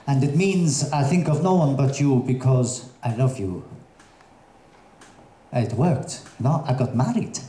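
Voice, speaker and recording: A man doing a stand-up comedy set on a theatre stage, telling jokes in a hesitant, halting way with many fillers. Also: medium pitch, expressive, dark tone, slight background noise. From Russian parents, raised in Colombia. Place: theatre stage before a live audience. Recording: echoey theatre with audience ambience.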